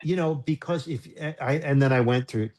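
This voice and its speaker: A man speaking as a guest musician in a casual interview, telling a story in a halting, self-interrupting way and getting choked up. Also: mid-range voice, darkish tone. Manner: halting, self-interrupting, emotional when recalling.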